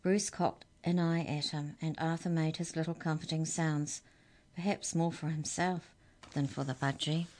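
Low-voiced woman reading a children's story. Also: moderate pace. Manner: lively, expressive reading.

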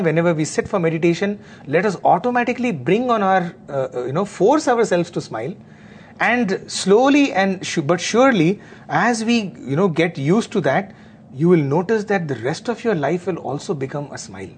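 A man talking earnestly in a spiritual discussion, often pausing with fillers. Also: high voice, very animated, slight background noise.

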